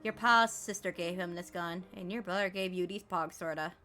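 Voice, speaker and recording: A woman's voice: fairly low pitch, normal speed, soft background music. A woman streamer reading a game's text aloud and joking about it as she plays. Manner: animated, jokey, mocks the game text. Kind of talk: reading game text aloud with playful commentary.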